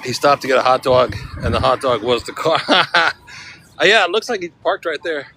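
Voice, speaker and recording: Bright-voiced man joking on a street stream. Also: medium pitch, normal speed, slight background noise, rough recording. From Central California. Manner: joking, rambling, chuckling often. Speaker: livestreamer. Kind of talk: casual walking livestream chat. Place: outdoors on city streets.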